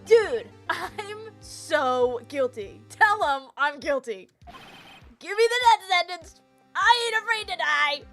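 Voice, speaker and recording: A woman voicing a goofy, melodramatic young man in a game, high and whiny, wailing for death. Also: lively intonation, takes it slowly, a bit bright, soft background music, full character voice. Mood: theatrical. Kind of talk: voicing a game character while streaming.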